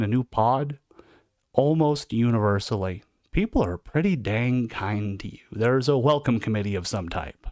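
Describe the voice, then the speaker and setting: A man tells stories to his livestream viewers in a relaxed, conversational way. His voice sits at an average pitch for a man. The sound is dry and close, with no room echo. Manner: conversational and reflective. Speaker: livestream host recounting incarceration. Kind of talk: casual storytelling monologue.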